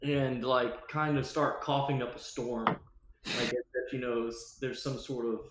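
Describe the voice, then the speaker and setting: A man's voice: medium pitch, level tone, measured pace, noisy background. A man playing a tabletop game, talking casually and hesitantly with many fillers, in an echoey room. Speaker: player.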